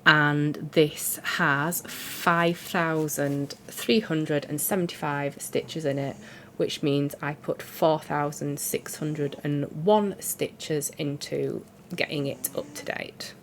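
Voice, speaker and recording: A woman's voice: low-pitched, fairly even intonation, takes it slowly, few pauses, a bit bright, slight background noise. A woman, congested and sore-throated from a cold, chatting in a rambling, self-deprecating way about her cross-stitch. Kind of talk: casual chat.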